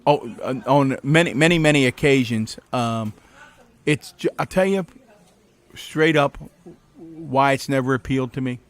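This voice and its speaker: A middle-aged man as a podcast guest, telling animated anecdotes with frequent laughs in a cafe interview. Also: medium pitch, a little slow. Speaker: podcast guest, former county executive. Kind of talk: casual interview storytelling.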